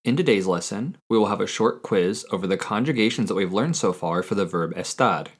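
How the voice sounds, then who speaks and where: A man hosting a language-learning podcast, reading a quiz and repeating each answer slowly and carefully. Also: on the low side, slightly rough. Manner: slow, careful repetition of answers. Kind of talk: scripted language lesson quiz.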